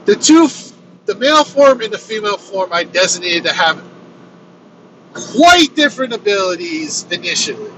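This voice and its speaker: A man casually telling his own story on a road trip vlog, animated and swearing freely. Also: high voice, moderate pace. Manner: animated, swears freely, acts out quoted lines. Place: inside a moving vehicle on a road trip. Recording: road noise from a moving vehicle.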